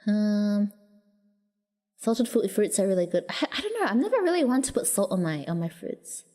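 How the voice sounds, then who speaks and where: A woman with an Australian accent chatting casually with her viewers on a livestream, rambling along with quick restarts and giggles. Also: mid-range voice, big pitch swings, dark tone, long reverb tail.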